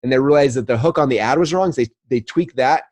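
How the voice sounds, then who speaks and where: Rapid-fire man telling stories. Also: mid-range voice. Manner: rapid, animated storytelling with acted-out dialogue. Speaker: guest, marketing entrepreneur. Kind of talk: casual podcast chat.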